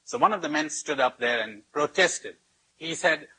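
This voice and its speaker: A man giving a spiritual workshop talk in a husky, fairly high voice. He tells anecdotes with humor and drives points home through repetition. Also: huge pitch swings, normal speed, sharp tone, low-quality recording. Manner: storytelling with rhetorical repetition and humor. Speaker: spiritual teacher.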